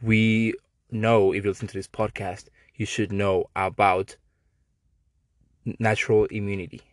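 A man's voice: lowish voice, little pitch movement, a little slow, no echo, studio quality. A man with a Mexican accent hosting a podcast, ranting in a sarcastic, profane, slangy way. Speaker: podcast host. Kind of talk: casual podcast rant.

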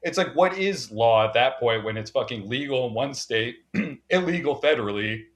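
A man's voice: medium pitch, expressive, normal speed. A young man co-hosting a casual chat, laid-back, swearing freely and trailing off with "you know".

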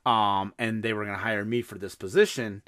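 A man hosting a podcast, telling a story in casual chat, animated and swearing freely. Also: fairly low pitch, brisk. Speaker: podcast host.

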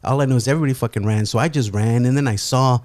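A man casually telling a story, animated and profane, with lots of fillers. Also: medium pitch, very fast, no echo. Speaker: storyteller guest. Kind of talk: casual chat, anecdote.

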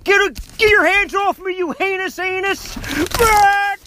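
A man leaving a crude, laughing message full of shouted mock arguments. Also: extremely high pitch, fairly even intonation, unhurried, dry recording.

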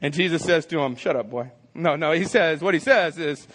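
A man, preaching a lively, joking sermon and acting out scenes. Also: fairly high pitch, a little fast. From Texas. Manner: energetic, joking, acts out scenes in voices. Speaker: pastor. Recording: long hall reverb.

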